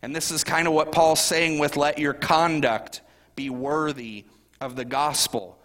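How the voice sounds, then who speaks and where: A man's voice: on the high side, fairly even intonation, measured pace, a bit bright, big-room sound. A middle-aged man, a pastor, preaching a sermon in a conversational way, often asking the congregation questions.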